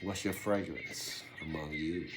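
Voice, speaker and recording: A man with a very low voice speaks slowly, delivering a preachy monologue built from rhetorical questions. He swings from loud bursts down to hushed whispers. Faint music plays behind him. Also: fairly even intonation.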